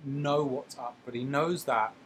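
A man's voice: mid-range voice, steady tone, a little slow, fairly bright tone, slight background noise. A man co-hosting a casual podcast, discussing a film in a laid-back way with joking asides. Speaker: podcast co-host.

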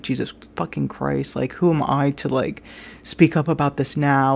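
A woman talking candidly and emotionally in a personal vlog, swearing freely and leaning on "like" and "you know what I mean" as she thinks out loud. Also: low-pitched, fairly even intonation, moderate pace, vocal fry.

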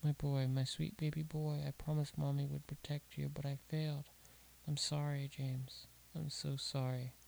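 A man's voice: fairly low pitch, steady tone, slow pace, few pauses, a little mellow, low-quality recording. A man voicing a distraught young mother, crying out in anguish and pleading brokenly. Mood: grieving.

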